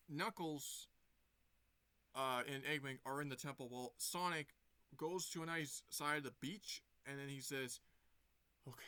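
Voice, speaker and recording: A man casually recapping a movie for his vlog, wandering through the story with fillers and false starts. His voice is bright and smooth and sits a little high. The sound is dry and close. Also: no echo. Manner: rambling, full of fillers and restarts. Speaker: movie reviewer.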